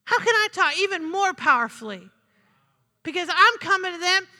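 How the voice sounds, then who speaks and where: A woman delivers a sermon in a very high, piercing, sharp voice that rings through a long hall reverb. Animated and emphatic at a moderate pace, she repeats lines for effect and keeps asking the congregation for an "Amen?".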